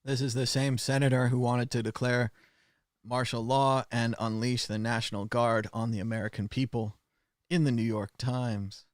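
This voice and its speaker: A man's voice: medium pitch, flat delivery, moderate pace, no room sound, studio quality. A man hosting a casual news commentary livestream, chatty and sarcastic, with lots of filler sounds. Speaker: show host.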